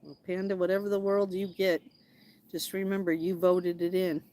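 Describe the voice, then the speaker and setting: A woman with a lowish, rugged voice chats casually with viewers from her backyard. She drifts between loose talk and playful singsong calls to the birds and chipmunks. Crickets chirp faintly behind her outdoors. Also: little pitch movement, normal speed, dark tone. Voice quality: low, rugged voice. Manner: chatty, talks to backyard animals in a playful singsong. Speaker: vlogger. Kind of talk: casual live chat with viewers.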